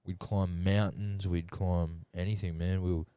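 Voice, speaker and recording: Deep-voiced young Australian man. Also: flat delivery, a little slow, mellow, clean tone, no echo. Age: young adult. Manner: rambling, swearing storyteller. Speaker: podcast guest. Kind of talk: casual chat.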